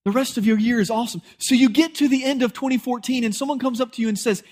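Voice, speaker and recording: A man's voice: very high-pitched, quick pace, few pauses, a little mellow. A male pastor, preaching a sermon in a conversational, storytelling way and acting out bits of dialogue.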